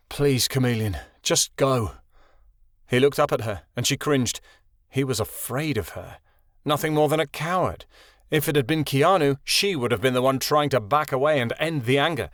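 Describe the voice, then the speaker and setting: A man narrating a fantasy audiobook in an expressive storytelling read. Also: mid-range voice, no echo, studio quality.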